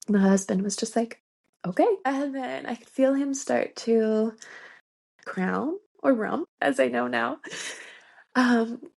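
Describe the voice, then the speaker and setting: A woman's voice: on the high side, a little slow, creaky, darkish tone. A woman in her thirties telling a personal story in a podcast interview, earnest, with many "like" fillers and frequent laughs. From Canada. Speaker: guest.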